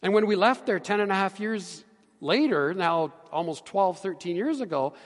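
Man, middle-aged pastor, sermon, earnest, fairly high voice, long church-hall reverb. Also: expressive, moderate pace. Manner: earnest, swings from emphatic to hushed. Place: church sanctuary.

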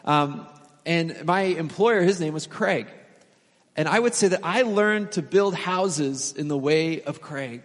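A man's voice: fairly high pitch, measured pace. Chatty male pastor in a reverberant hall. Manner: conversational storytelling with laughs and fillers. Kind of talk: sermon. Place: church sanctuary.

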